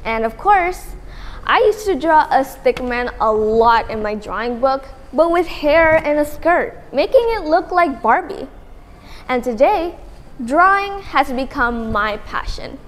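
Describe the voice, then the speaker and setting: Fields: high-voiced teenage girl, hall speech. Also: expressive, unhurried. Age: teens. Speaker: speech contest entrant. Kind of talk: memorized contest speech. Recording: long hall reverb.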